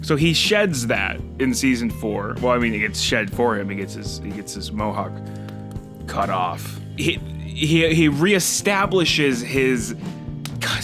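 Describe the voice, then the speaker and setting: Guy ranting about a tv show, animated and sweary, faint guitar music behind. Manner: animated, swearing, pitch leaps when emotional. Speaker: host. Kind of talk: casual review chat.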